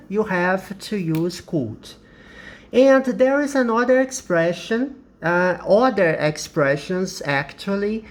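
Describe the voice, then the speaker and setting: A man with a Brazilian Portuguese accent teaching an English lesson, explaining carefully and repeating example sentences. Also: high voice.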